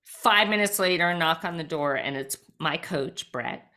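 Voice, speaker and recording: A woman guest on a podcast, telling a personal story with lively energy and lots of "like" fillers. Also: deep voice, measured pace. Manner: frequent "like" fillers, lively retelling.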